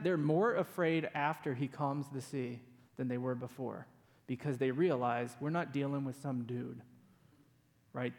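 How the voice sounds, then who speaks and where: A man's voice: fairly high pitch, a little mellow, long reverb tail. A man preaching a sermon in a conversational way, often tossing in "right?" as he explains Scripture. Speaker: pastor.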